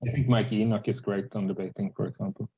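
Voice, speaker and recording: A man with a Swedish accent debating on a voice call, speaking haltingly with many restarts and fillers. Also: on the low side, fairly even intonation, muffled recording, noisy background. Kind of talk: casual political debate.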